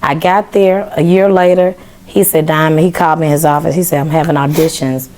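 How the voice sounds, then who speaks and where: A young woman from Memphis, Tennessee, guests on a podcast, telling her story in casual conversation. Her voice is deep and fairly quick, and she's animated, acting out the quoted dialogue.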